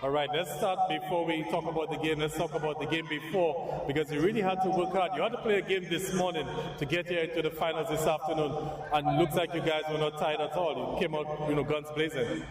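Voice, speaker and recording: A man's voice: on the high side, steady tone, fast talker. A man, a sports reporter asking a captain chatty, informal questions. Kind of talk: interview questions. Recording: echoey hall from far off with crowd.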